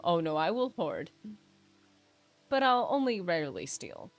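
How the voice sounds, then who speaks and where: A woman's voice: on the low side, huge pitch swings, unhurried, vocal fry. A woman streaming a role-playing game, reading quest text aloud and chatting playfully with her viewers. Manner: chatty, joking asides, playful mock-grandeur. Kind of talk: casual gameplay livestream chat, reading in-game text aloud. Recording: faint game music behind.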